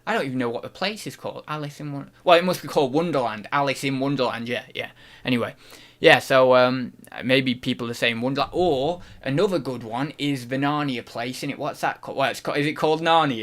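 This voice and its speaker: Casual British male streamer, mid-range voice, chatty and unsure, thinks out loud while reading the chat. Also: medium pitch, fast. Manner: rambling, unsure, thinks aloud with many restarts. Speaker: host reading live chat questions.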